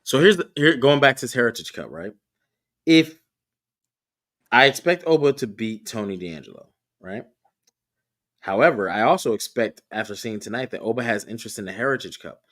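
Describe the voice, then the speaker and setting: A young man breaks down upcoming wrestling matches in casual podcast chat. His pitch rises and falls a lot as he talks. He thinks out loud, restarting sentences and putting questions to his co-host. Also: animated, normal speed.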